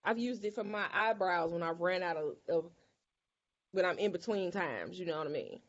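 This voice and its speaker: A woman hosting a casual makeup class, chatting and explaining products in a lively way, repeating herself as she talks. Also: fairly low pitch, moderate pace, muffled recording. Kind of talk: casual makeup tutorial chat.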